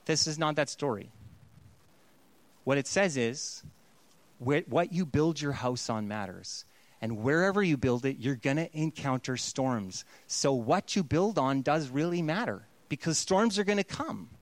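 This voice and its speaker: A man's voice: a little high, expressive, unhurried, dry recording. A man preaching a sermon in a conversational, playful way, slipping into voices to act out what people say. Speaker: pastor.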